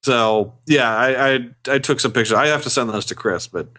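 A man's voice: mid-range voice, moderate pace, pushed and bright. A man co-hosting a podcast, telling convention stories in casual chat with many restarts. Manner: rambling storytelling with many restarts. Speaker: podcast co-host.

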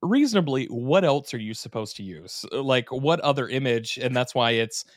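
A man's voice: medium pitch, animated, normal speed, no echo, clean studio sound. A man co-hosting a casual podcast, animatedly recapping an episode with swearing and silly voices. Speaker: podcast co-host.

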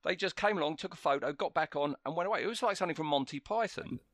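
A man's voice: a little high, fast talker, fairly bright tone, dry recording. A man from the UK co-hosting a casual podcast, telling anecdotes with dry humour. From United Kingdom. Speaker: podcast co-host. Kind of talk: casual chat.

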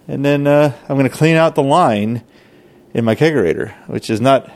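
A man's voice: mid-range voice, moderate pace, a little mellow. A man hosting a podcast, giving a casual, rambling update and thinking aloud as he goes. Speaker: podcast host, home brewer.

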